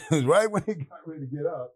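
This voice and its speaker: A man in his sixties from Atlanta, Georgia, casually telling profane, animated stories as a guest and laughing as he acts out quotes. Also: fairly high pitch, brisk, husky, no room sound. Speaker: guest, retired football player. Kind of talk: casual storytelling.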